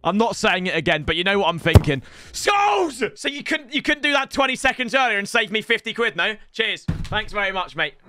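Excitable man shouting at a game. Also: high-pitched, fairly quick. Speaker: gaming streamer. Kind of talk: live gaming commentary.

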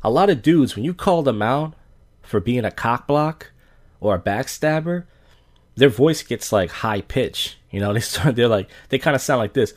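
A man's voice: medium pitch, animated, moderate pace. A man hosting a podcast, telling stories in a blunt, profane casual rant and acting out dialogue. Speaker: podcast host.

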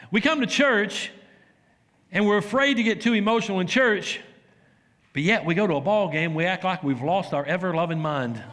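A man preaching a sermon as pastor, telling stories with laughs and sudden shouts. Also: sits high, a little hiss or hum. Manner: animated storytelling, laughs and shouts while acting out scenes. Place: church sanctuary. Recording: long hall reverb.

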